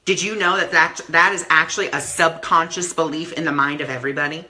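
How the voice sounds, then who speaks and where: A man's voice: fairly high pitch, steady tone, brisk, pushed and bright. A man giving a casual live-stream talk as a spiritual teacher, earnest and repeating affirmations, with many "you know" fillers.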